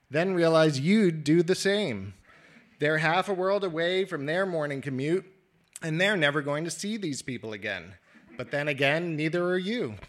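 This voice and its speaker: A man reading his own prose aloud at a live literary reading, measured and wry. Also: a little high, a bit bright.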